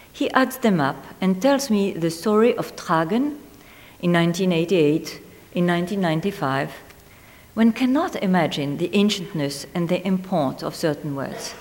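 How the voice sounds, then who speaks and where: A woman reading a literary essay aloud in a measured, deliberate way, lingering on single words. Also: fairly low pitch, darkish tone. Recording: long hall reverb.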